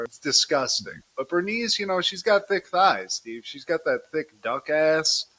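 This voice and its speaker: A man's voice: mid-range voice, expressive, moderate pace, hardly any pauses, bright, forceful tone. A man co-hosting a podcast, recapping a cartoon episode in a casual, profane, joking way and keeping his co-host in the conversation.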